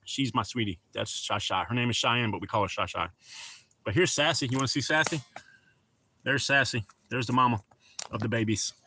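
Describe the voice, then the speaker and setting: A man's voice: medium pitch, a little fast, sharp tone, a little hiss or hum. A middle-aged man hosting a casual livestream, chatting with viewers and greeting them by name. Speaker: livestream host.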